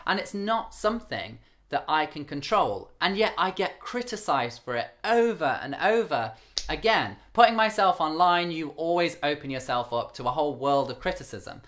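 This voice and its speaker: Young man with a light camp rasp. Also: expressive, moderate pace, fairly bright tone. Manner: earnest, candid; higher-pitched male voice held lower for camera. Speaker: vlogger. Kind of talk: talking to camera.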